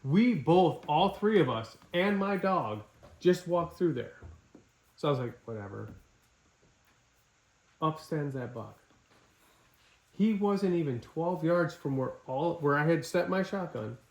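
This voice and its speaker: A middle-aged man from Wisconsin telling a hunting story in casual, animated talk. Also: on the high side, a little slow. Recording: echoey room.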